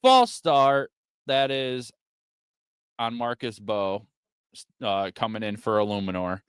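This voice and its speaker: Excitable man giving live game commentary. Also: lowish voice, slow, clear, resonant tone, dry recording, clean studio sound. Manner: excitable, swears when frustrated. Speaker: watch party streamer.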